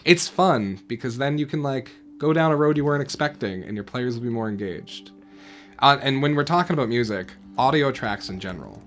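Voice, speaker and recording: A man's voice: mid-range voice, fairly bright tone. A man co-hosting a casual chat as a dungeon master, easygoing and laughing often.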